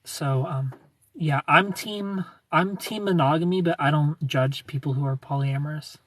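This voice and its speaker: A man's voice: on the high side, normal speed, fairly bright tone. A man hosting a livestream, chatting casually and playfully, greeting his viewers by name. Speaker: livestream host.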